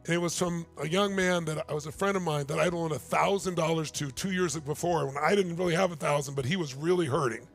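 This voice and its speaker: A man's voice: a little high, fast, few pauses, soft background music. A man in his sixties, a motivational speaker telling a story in a keynote talk, emphatic and building to urgent appeals. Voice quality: gravelly.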